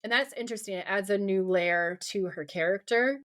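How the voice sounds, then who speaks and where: A woman's voice: mid-range voice, a little fast. Woman podcast host retelling TV scenes. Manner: reads out quotes from the scenes, lively retelling. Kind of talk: casual chat, recapping a TV episode.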